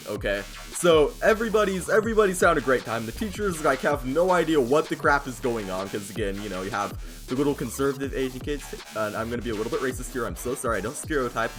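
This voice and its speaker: A young American man telling a story-time vlog, loud and hyped, often yelling into a close microphone. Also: mid-range voice. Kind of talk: casual storytelling.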